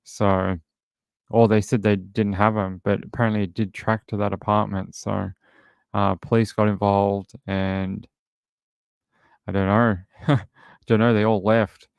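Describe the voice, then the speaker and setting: A man's voice: fairly low pitch, level tone, measured pace, creaky, pauses often, smooth, no room sound. A man hosting a true crime livestream, rambling casually and thinking aloud.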